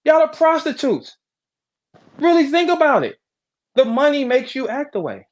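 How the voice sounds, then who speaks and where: A man hosting a podcast, ranting in a brash, profane, animated way, jumping between loud outbursts and low asides. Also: normal speed. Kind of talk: casual podcast rant.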